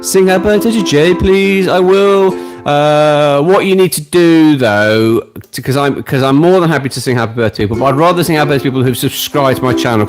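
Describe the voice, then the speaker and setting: British man, late forties, casual live-stream host, self-deprecating jokes, ukulele strumming behind. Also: medium pitch. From Britain. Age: late 40s. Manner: chatty, self-deprecating, jokey. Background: ukulele playing.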